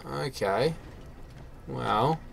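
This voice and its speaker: A man's voice: mid-range voice, extremely slow, gravelly, slightly rough. A man talking casually to viewers as he plays a shooter game, chatty and self-mocking, with the odd swear. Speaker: game player. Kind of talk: solo gameplay commentary.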